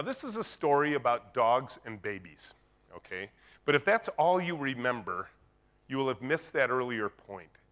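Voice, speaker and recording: A man's voice: medium pitch, pushed and bright. A man giving a conference keynote, telling a story and acting out the dialogue in it. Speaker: keynote speaker. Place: conference stage.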